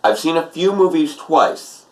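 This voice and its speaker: A man's voice: on the high side, expressive, measured pace. A young man co-hosting a casual chat, rambling with many fillers and restarts. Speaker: co-host.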